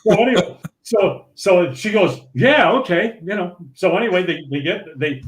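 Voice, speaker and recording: An older man from St. Paul, Minnesota, a former pro bowler appearing as a podcast guest, tells a casual, animated story full of laughs and restarts. His voice sits high and moves at a moderate pace. There's background noise and a roomy echo.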